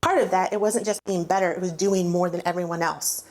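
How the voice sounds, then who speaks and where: A woman's voice: lowish voice, fairly even intonation, a little fast, a little mellow. A woman in her forties giving a personal testimony, candid and self-mocking as she tells her story. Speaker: recovery testimony speaker.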